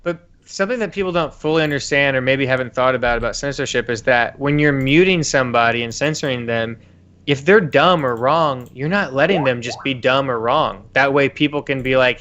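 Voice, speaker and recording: Bright, chatty man on a call. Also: medium pitch, a little fast, dull audio. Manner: chatty, laughs while talking. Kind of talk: casual chat.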